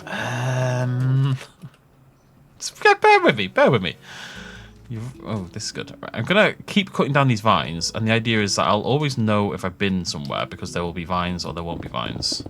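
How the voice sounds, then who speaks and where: A man chatting through his gameplay in a loose, wandering way, with a voice that climbs and dips all over the place. He laughs at his own half-finished jokes. Soft game music plays quietly in the background. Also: on the low side, expressive, normal speed. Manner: rambling and jokey, laughs at his own tangents. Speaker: gaming YouTuber. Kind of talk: casual let's-play commentary.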